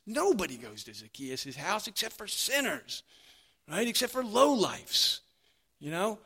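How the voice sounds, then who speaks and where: A man preaching a sermon, animated, acting out the voices of the crowd. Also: sits high, unhurried, breathy edge. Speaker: pastor.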